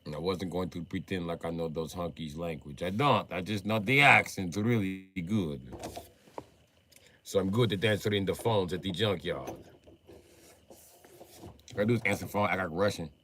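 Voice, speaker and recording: A man's voice: low voice, normal speed, pauses often, fairly bright tone, a little hiss or hum. Profane American man riffing loosely. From United States. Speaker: livestreamer. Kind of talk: casual comic storytelling.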